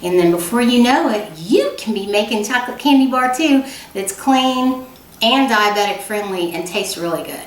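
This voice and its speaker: A woman's voice: on the high side, animated, moderate pace, slight background noise. A woman hosting a home cooking video, chatting folksily and straight to her viewers. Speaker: cooking channel host. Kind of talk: casual cooking demo chat. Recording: roomy room sound from a distance.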